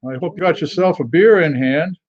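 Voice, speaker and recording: A middle-aged man hosting a live beer tasting stream, chatting casually with many pauses and fillers and greeting viewers by name. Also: on the high side, no echo, dull audio.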